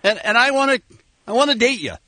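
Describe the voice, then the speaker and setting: Bright, wisecracking radio host. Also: male voice, extremely high pitch, expressive, fast, no echo. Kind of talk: morning radio banter.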